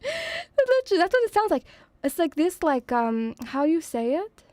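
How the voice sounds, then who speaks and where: A woman's voice: very high-pitched, wildly swooping pitch, moderate pace, darkish tone, no room sound. A woman streaming as a VTuber, chatting in a playful, doting, rambling way. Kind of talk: casual debut stream chat. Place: home room, near pubs.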